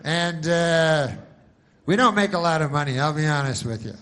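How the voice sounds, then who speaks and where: Man voicing a brash male TV insurance pitchman who leans hard on every word. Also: expressive, normal speed, a bit bright. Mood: salesy. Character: pushy male insurance pitchman for old people.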